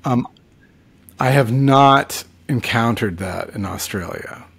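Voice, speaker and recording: A man's voice: medium pitch, takes it slowly, vocal fry, a bit bright, breathy edge. A middle-aged man, sleepy and fading late at night, rambling and trailing off in casual chat as a podcast co-host. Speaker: podcast co-host, touring musician.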